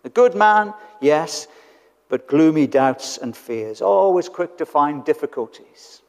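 British preacher in a reverberant church. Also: male voice, on the high side, lively intonation, slow pace. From Britain. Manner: conversational, with rhetorical tag questions. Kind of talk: sermon. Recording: church hall with long reverb.

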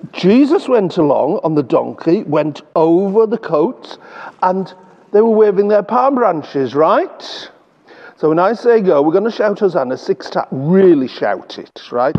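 Animated husky English man with children. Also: fairly high pitch, highs cut off. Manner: animated, coaxing children, repeats words slowly. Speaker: children's talk leader. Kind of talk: lively children's Bible talk.

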